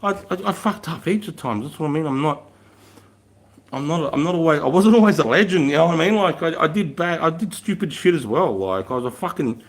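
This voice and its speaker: A middle-aged man with an Australian accent, telling rambling stories in a frank, heavy-swearing casual chat on a live stream. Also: medium pitch. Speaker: military veteran hosting a live stream.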